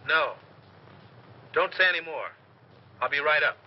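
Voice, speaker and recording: A man's voice: a little high, lively intonation, a little slow, lo-fi sound. An actor playing a cocky, dry-witted man in 1930s film style, on an old soundtrack. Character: cocky wisecracking man, sweet on heroine.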